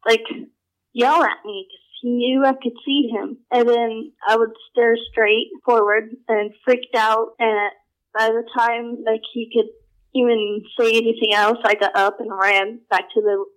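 A young woman with a somewhat raised voice tells personal stories in a loose, conversational way. She talks haltingly, leans on filler words and often restarts her sentences. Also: on the high side, flat delivery, poor audio. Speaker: storyteller. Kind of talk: casual personal storytelling.

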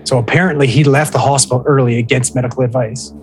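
A man's voice: medium pitch, fairly even intonation, fast, a little hiss or hum, rough recording. A man co-hosting a casual podcast, telling a story with lots of swearing and reading listener posts aloud. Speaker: podcast co-host.

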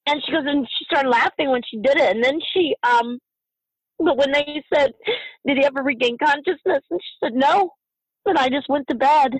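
Impassioned middle-aged woman, halting speech. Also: sits high, no echo, low-quality recording. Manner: impassioned, halting, repeats herself. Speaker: guest, bereaved mother. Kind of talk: emotional interview.

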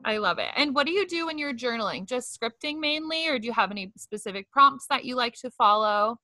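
A woman hosting a podcast, chatty and effusive, quick to agree with her guest and laugh along. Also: a little high, expressive, pushed and bright, no room sound. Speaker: podcast host. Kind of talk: casual podcast interview.

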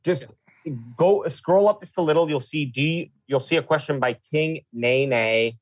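A man's voice: a little high, unhurried, no echo. A Canadian man co-hosting a podcast in casual chat, hesitant and often restarting. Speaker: podcast co-host.

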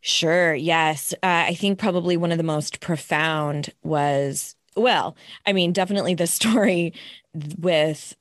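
A woman's voice: lowish voice, a little slow, no room sound, clean studio sound. A woman hosting a podcast, telling a personal story in an earnest, reflective way. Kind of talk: casual podcast chat.

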